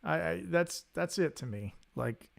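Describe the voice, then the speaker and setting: A man, hosting a casual guitar livestream, talking in an animated, rambling way and often repeating his words. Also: fairly high pitch, unhurried, gravelly. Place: home studio.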